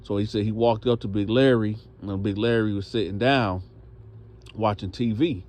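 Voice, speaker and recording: A man's voice: on the low side, moderate pace. A man telling a story in a casual way, acting out the voices of the people in it. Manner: animated, acts out voices.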